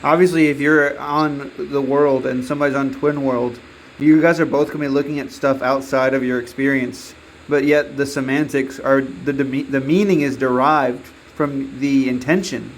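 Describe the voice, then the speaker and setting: A man's voice: medium pitch, steady tone, normal speed, slight background noise, poor audio. A man on a casual group call, probing others and explaining philosophical terms. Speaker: debate caller.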